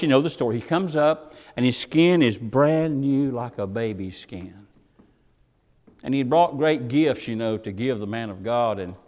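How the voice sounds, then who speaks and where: A man preaching a sermon, dramatically voicing the people he quotes. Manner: dramatic, voices quoted characters with swings in pitch and volume. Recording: long hall reverb.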